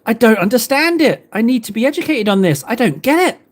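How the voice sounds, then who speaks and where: A man's voice: extremely high pitch, very animated, fast talker. An English man in his thirties, chatting casually with viewers on a livestream in a rambling, playful way, full of rhetorical questions. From England. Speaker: livestream host painting miniatures.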